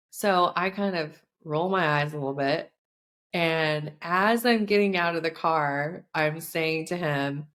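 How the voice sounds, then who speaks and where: A young adult woman host telling a personal story in a chatty, animated way, full of casual fillers. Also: lowish voice, unhurried. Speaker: podcast host and coach.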